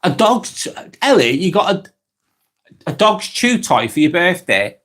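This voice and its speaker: A man hosting a live vlog, thinking out loud in casual chat and swearing freely as he restarts his sentences. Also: high voice, sing-song, unhurried. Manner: earnest, swears freely, many restarts and trailing phrases. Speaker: live vlog host reading chat comments.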